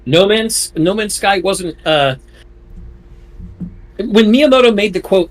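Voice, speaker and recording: A man on a casual gaming podcast, animated and quick to jump in with counterpoints. His voice sits a little high for a man. He keeps an argumentative, lively edge in the chat. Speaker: podcast co-host.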